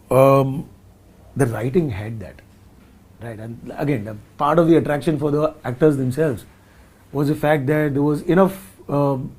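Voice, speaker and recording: Man, Indian accent, director, interview, mellow, rambling, thoughtful. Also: fairly high pitch. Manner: thoughtful, rambling with many restarts and asides. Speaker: film director. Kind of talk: casual interview talk.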